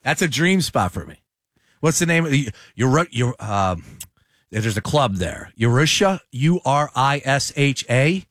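Animated, teasing radio co-host, man. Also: medium pitch, measured pace, dry recording, studio quality. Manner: teasing, animated, laughs often. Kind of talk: playful studio banter.

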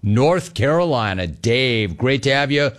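A middle-aged man runs a call-in sports talk show with brash, animated, joking energy. His voice sits in a mid-to-low register. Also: unhurried. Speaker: sports radio host.

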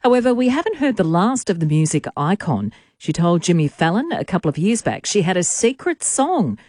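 A woman reading a radio news bulletin in a measured, formal way. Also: fairly low pitch, big pitch swings, darkish tone, no room sound, studio quality. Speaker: newsreader.

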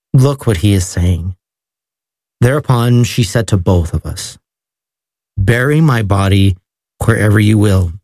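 Solemn man reading slowly. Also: lowish voice, a little mellow, no echo. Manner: slow, measured and reverent. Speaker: reader.

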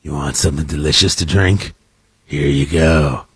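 Man putting on a creepy stranger: deep, slow, husky menace. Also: steady tone, dry recording, clean studio sound, heavily acted. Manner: slow, menacing, low growl. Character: creepy low-voiced man offering kids drinks.

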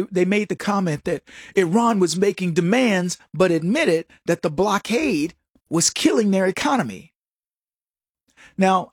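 A man's voice: sits high, slightly rough, no room sound, clean studio sound. A man hosting a solo political commentary show, talking in a mocking, jokey way. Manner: mocking, jokey, acts out voices with laughs.

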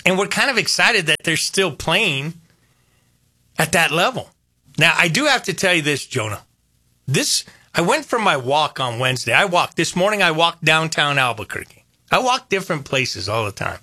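Lively, husky-voiced older man. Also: a little high, moderate pace, no room sound, clean studio sound. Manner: animated, storytelling, repeats phrases. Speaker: radio host. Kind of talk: casual radio chat.

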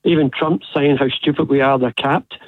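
Opinionated male caller, husky and higher-pitched, phone-line audio. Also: fairly even intonation, normal speed, dry recording. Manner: emphatic, opinionated.

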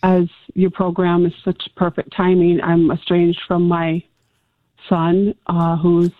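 A middle-aged woman calling in to a radio show, speaking haltingly and near tears. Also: on the low side, monotone, no room sound. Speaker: caller. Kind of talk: emotional call-in on a phone line. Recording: tinny phone line.

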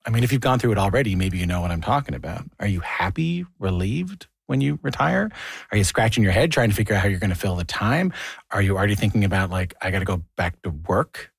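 Chatty male radio host, husky voice. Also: lowish voice, expressive, fast, dry recording, studio quality. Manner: casual, chatty, conversational. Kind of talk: hosted radio interview with intro monologue. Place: radio studio.

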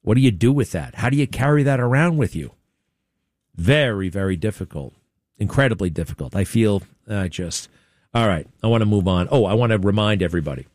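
A man hosts a talk radio show, riffing in a sarcastic, mocking way. His voice sits low. The sound is dry and close. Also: expressive, brisk, darkish tone, no echo. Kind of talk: opinionated talk radio monologue.

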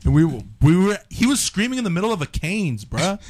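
A young man in casual chat, slangy and very lively. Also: high voice, brisk. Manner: very lively, loud in quotes, slangy.

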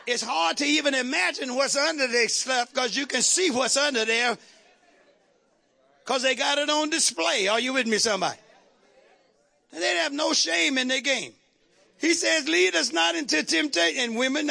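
A man preaching a sermon to his congregation, calling out to the crowd and shouting at the peaks. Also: very high voice, creaky. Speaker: pastor. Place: church sanctuary.

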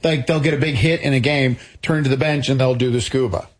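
Husky-voiced middle-aged male co-host. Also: medium pitch, fairly even intonation, fairly quick. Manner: dry, self-deprecating humor. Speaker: radio co-host. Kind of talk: casual radio chat.

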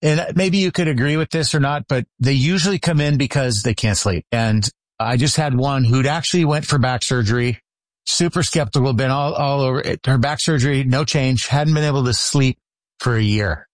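Male host, upbeat and friendly, middle-pitched; dry room. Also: normal speed, dry recording. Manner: enthusiastic, upbeat. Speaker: chiropractor, interview host. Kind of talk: conversational interview. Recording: dry close sound.

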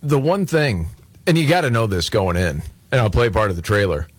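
A man hosting a talk radio show, bantering in a lively, joking way with his co-hosts. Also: on the low side, brisk, slightly rough, dry recording. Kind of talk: casual talk radio chat.

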